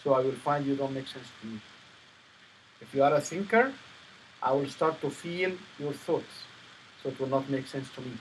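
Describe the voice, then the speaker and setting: A man's voice: mid-range voice, moderate pace, long pauses, a little hiss or hum, rough recording. A man coaching a sales presentation workshop, firm and emphatic as he lectures.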